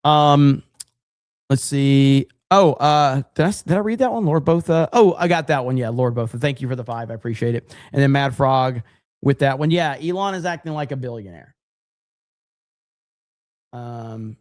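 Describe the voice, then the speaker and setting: A man's voice: a little high, animated, moderate pace, no room sound, clean studio sound. A man hosting a podcast, chatting casually and bluntly with frequent swearing, reacting to clips and thanking donors. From United States. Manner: blunt, profane, emphatic; reads donor names and thanks them. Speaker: podcast host.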